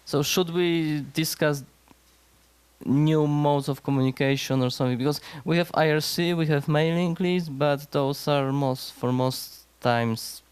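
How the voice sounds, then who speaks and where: A man's voice: on the high side, steady tone, a little slow, clear, resonant tone, no echo. A man moderating a conference discussion, hesitant, with many fillers and frequent agreement. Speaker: session moderator. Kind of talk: casual discussion. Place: conference room session.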